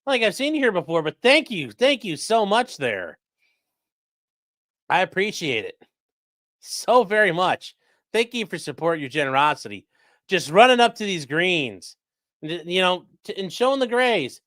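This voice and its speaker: A man with a high, bouncy voice riffs casually to his livestream chat. His sound is bright and a bit tense, recorded close and dry with no room echo. He jokes around, slips into silly voices and yells now and then. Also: moderate pace. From grew up in a rural area. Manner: jokey, animated, mock voices and sudden yells. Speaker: livestream host reacting to a trial.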